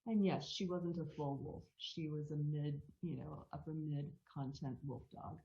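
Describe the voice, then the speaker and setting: A woman with a notably deep voice answers in a live Q&A, earnest and reflective. The sound is muffled and dull. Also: steady tone, unhurried, vocal fry, dark tone. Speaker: wolf sanctuary co-founder.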